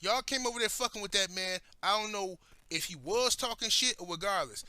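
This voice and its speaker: Male commentary host, high and very bright voice, heated profane rant style. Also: clear, resonant tone, dry recording.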